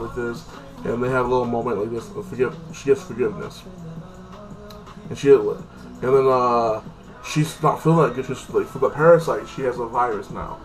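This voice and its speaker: A man with a mid-range voice talks at a normal speed, sitting far from the mic in a rough recording with faint music behind him. He's a TV episode reviewer giving a casual, rambling recap, leaning heavily on "like this" and "like that" and swearing offhandedly.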